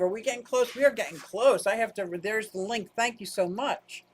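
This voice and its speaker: A woman's voice: a little high, a little fast, few pauses. Woman host of a casual livestream, from upstate Pennsylvania; rambling, chatty, keeps cutting herself off. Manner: rambling, chatty, self-interrupting. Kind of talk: casual livestream chat reading comments.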